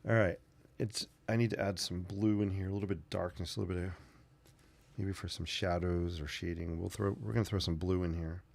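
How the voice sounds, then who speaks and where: A man's voice: deep voice, fairly even intonation, brisk, vocal fry, a little mellow. A man hosting a casual painting tutorial, rambling through chatty asides as he works. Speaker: sketching channel host.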